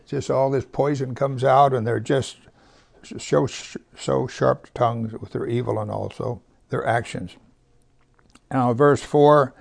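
A man with a gravelly edge to his voice, teaching scripture in an unhurried way. He leans hard on the words of each verse he reads aloud and lets his voice sink almost to a whisper for quiet moments. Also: medium pitch, steady tone. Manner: reads scripture slowly with heavy emphasis; drops to a near whisper at times. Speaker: pastor. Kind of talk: Bible teaching.

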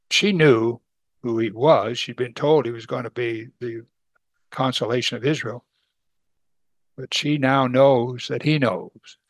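A man's voice: mid-range voice, dry recording. Folksy man teaching from the Bible. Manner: folksy, chuckles, acts out voices.

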